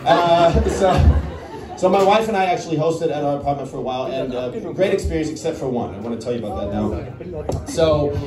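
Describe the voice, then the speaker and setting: A man's voice: on the high side, animated, a little fast, far from the mic. A male stand-up comedian from the Netherlands, telling a chatty story on stage and talking with the crowd. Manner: chatty, acts out voices, talks to the crowd. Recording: roomy club sound with crowd. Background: audience laughing.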